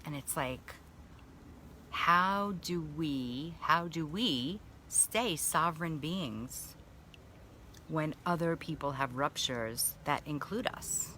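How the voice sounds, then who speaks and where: A woman coaching on a live video while sitting in a baby pool, talking candidly and with plenty of swearing about feelings and energy, and pausing to greet viewers by name. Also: deep voice, pushed and bright, a little hiss or hum. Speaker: spiritual coach.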